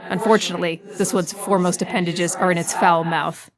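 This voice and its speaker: A woman's voice: fairly low pitch, fairly even intonation, brisk, crowd noise, natural voice. A woman doing a stilted tentacled alien. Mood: deadpan. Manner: formal, stilted, speaks of himself in third person. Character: odd tentacled alien male who calls himself "this one".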